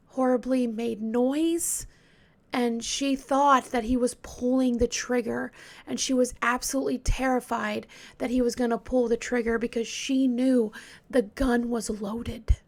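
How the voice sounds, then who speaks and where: A woman telling a true crime story in a casual, hesitant way, often dropping into a hushed whisper. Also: on the high side, fairly even intonation, a little slow.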